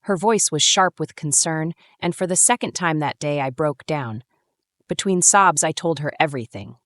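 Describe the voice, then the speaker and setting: A woman in her thirties narrating a first-person drama story in a measured, brooding way. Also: deep voice, a bit bright, no room sound, clean studio sound. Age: 30s.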